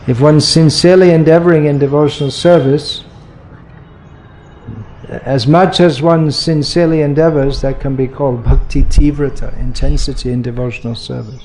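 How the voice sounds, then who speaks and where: A man answering questions as a spiritual teacher, explaining in a measured way with frequent restarts. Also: a little high, fairly even intonation, a little mellow, a little hiss or hum.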